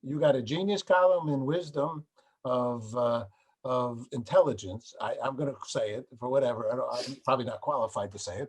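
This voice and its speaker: A man's voice: mid-range voice, brisk, slightly rough. An older male host who talks in a rambling way in a casual interview, restarting his sentences and laughing as he talks. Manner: rambling, many restarts, laughs while talking.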